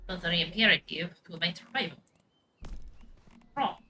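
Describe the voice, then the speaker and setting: Woman, gaming streamer, casual storytelling, acts out quotes, sharp bright tone, slightly low pitch. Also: moderate pace, faint music behind. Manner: swears casually. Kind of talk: casual chat while playing a game.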